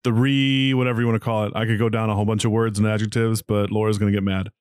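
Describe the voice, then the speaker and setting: A man's voice: on the low side, level tone, very fast, a little mellow, clear, resonant tone, dry recording, clean studio sound. A man co-hosting a podcast, bantering in a teasing, profane way. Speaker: podcast co-host. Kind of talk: casual chat.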